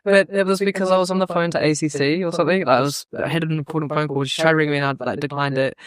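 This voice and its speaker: A young woman, a podcast guest telling animated stories in casual chat, swearing often and acting out quotes. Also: sits low, rapid-fire, clean tone, no room sound.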